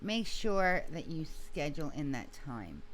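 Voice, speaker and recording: A woman with a notably low voice talks as a guest in a relaxed interview. She tells her story with animated emphasis, often restarting her sentences as she goes. A faint noise sits behind her voice. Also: unhurried. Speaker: interview guest, singer and video creator. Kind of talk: casual conversational interview.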